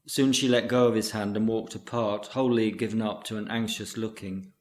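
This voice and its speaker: A man reading a literary short story aloud in a measured, unhurried way. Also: on the low side, fairly even intonation, roomy sound. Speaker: reader.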